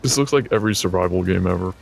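Low gravelly-voiced male gamer. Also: rapid-fire, soft background music. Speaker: teammate. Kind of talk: casual gaming chat.

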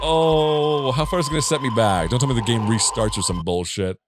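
A man's voice: medium pitch, a little fast, background noise. A man from the United States giving rambling, profane let's play commentary, with jumpy reactions as he plays a horror game. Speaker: gamer.

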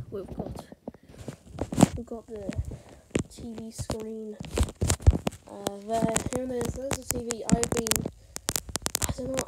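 A woman chatting casually in a hotel room, out of breath, rambling with many fillers and restarts. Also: on the high side. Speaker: vlogger. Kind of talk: casual vlog chat. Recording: loud background noise. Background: loud noise.

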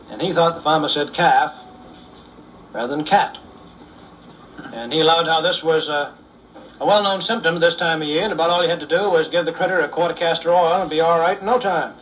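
A man telling folksy humorous stories in an unhurried way, with frequent "uh"s. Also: on the high side, fairly bright tone, recorded from a distance, a little hiss or hum, rough recording. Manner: unhurried, with fillers. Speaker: storyteller.

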